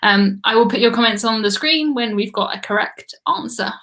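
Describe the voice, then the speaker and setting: A woman's voice: fairly high pitch, moderate pace, a bit bright. An English woman hosting a live trivia stream, chatting casually and laughing often as she reads viewer comments.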